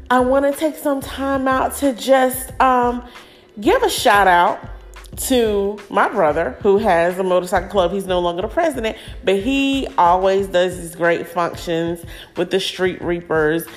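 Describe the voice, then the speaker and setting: A woman hosting a casual podcast, giving effusive, gushing shout-outs to family members. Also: mid-range voice. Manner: warm, effusive, gushing praise. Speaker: podcast host.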